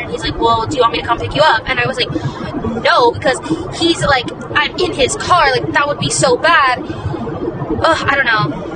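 High-voiced young woman telling a story. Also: normal speed, distant mic, over a noisy crowd, heavy background noise. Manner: chatty, dramatic, self-deprecating. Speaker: podcast host. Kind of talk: casual storytelling monologue.

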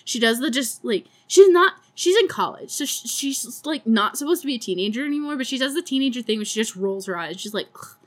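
A woman's voice: on the high side, expressive, fairly quick, hardly any pauses, a bit bright. A woman hosting a podcast, recapping a movie in casual chat with sarcastic, profane asides and frequent laughter. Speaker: podcast host.

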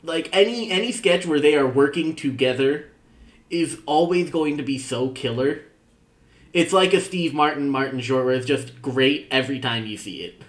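A man at an ordinary middle pitch talks through a recap in loose, casual chat. He laughs often and leans on "uh" as he restarts his thoughts. It sounds like easygoing podcast banter. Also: moderate pace, echoey room. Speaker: podcast co-host reviewing sketch comedy.

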